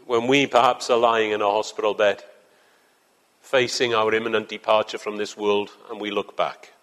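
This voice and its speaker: A man's voice: on the low side, flat delivery, normal speed, fairly bright tone. A man preaching a sermon to a congregation in church, earnest and building to fervent emphasis. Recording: long hall reverb.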